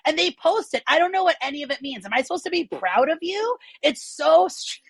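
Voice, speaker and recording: A woman comedian doing animated, self-deprecating stand-up from home over a video call on her phone. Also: extremely high pitch, fast, vocal fry, few pauses, a little hiss or hum.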